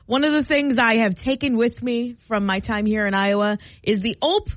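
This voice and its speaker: A woman with a touch of a New York accent co-hosts a morning radio show. She talks expressively, with frequent exclamations and laughs, in a slightly high voice. The studio sound is close and dry. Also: normal speed, no room sound. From East Coast US. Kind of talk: casual radio banter. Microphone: studio mic.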